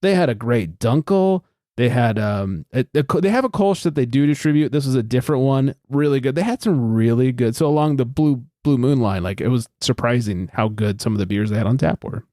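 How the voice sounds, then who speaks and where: A man hosting a podcast, telling stories casually and sprinkling in profanity, with quick asides and acted-out quotes. His voice sits at an ordinary middle pitch. The recording is dry and close. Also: lively intonation, dark tone, no room sound. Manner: chatty storyteller, profane, acts out quoted voices. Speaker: podcast host.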